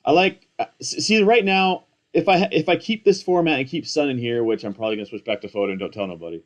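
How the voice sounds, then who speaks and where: A young man in casual commentary, excitable and rambling, slangy and self-mocking, hyped up on coffee. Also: a little high, fast, muffled recording. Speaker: fantasy football content creator.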